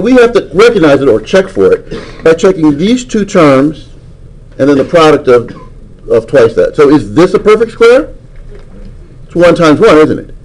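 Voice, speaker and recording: Lively questioning man teaching a class. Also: on the high side, poor audio. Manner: questioning, coaxing students. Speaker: math teacher. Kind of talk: classroom lecture.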